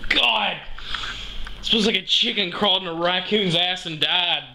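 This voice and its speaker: A man's voice: high-pitched, moderate pace, pushed and bright, a little hiss or hum, rough recording. A man hosting his vlog, casual, teasing and crude, joking with his family. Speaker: vlogger host.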